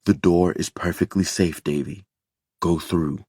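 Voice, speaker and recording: Reassuring middle-aged doctor, read by a male narrator, slow, deep, a bit husky. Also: steady tone, a little mellow, no echo, studio quality. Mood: soothing. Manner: slow, soothing, reassuring baritone.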